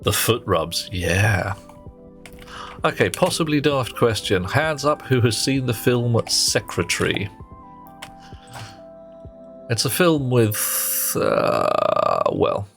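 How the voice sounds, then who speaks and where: A man's voice: medium pitch, sing-song, takes it slowly, creaky, pauses often, fairly bright tone, faint music behind. A man streaming a game, chatting playfully and teasingly with his viewers and muttering to himself as he works. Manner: talks to himself while working. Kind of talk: casual live-stream chat while playing.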